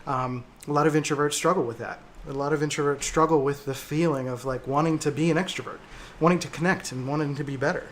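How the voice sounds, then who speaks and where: A man's voice: on the high side, steady tone, fast, hardly any pauses, fairly bright tone, a little hiss or hum. A man hosting a casual livestream, reading viewer comments and talking reflectively with frequent hesitations and fillers. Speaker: livestream host.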